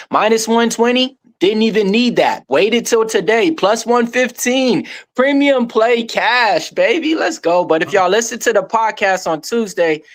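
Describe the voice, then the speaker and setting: A man with a high voice talking easily on a sports betting podcast. He brags a little about a winning bet. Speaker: podcast panelist. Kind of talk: casual betting talk.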